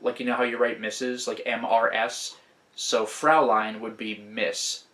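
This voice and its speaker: A man's voice: mid-range voice, level tone, fairly bright tone. Chatty man rambling over a game. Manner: rambling, chatty, with quick restarts. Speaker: let's play host. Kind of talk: casual game commentary.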